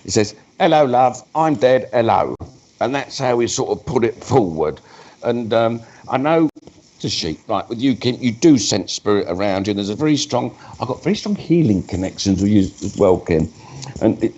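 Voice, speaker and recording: A man in his fifties leads a live mediumship demonstration in a chatty, rambling way. He often stops mid-sentence to talk to unseen spirits. His voice sits at a middle pitch, and the livestream audio is dull and lo-fi. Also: mellow. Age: 50s.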